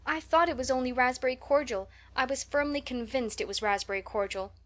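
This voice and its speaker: Brief: dramatic, pleading young girl in a storybook, put on by a woman narrator; pitched up. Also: brisk, close to an everyday voice. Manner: high-flown, theatrical pleading.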